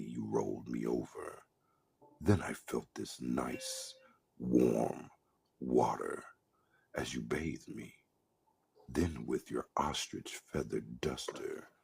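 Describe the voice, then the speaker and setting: A man slowly reading an erotic story aloud in an intimate, breathy way. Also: very deep voice, darkish tone, a little hiss or hum.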